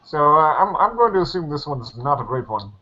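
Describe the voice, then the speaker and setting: A man's voice: a little high, very animated, fairly quick, sharp tone. A man playing a tabletop fantasy game, thinking aloud hesitantly with many fillers. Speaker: player. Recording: dull lo-fi recording.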